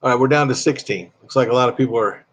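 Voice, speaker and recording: A man chats loosely through a live stream, drifting between topics and reading viewer comments aloud. His talk is friendly and unhurried, with a voice of ordinary middle pitch. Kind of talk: casual live-stream chat.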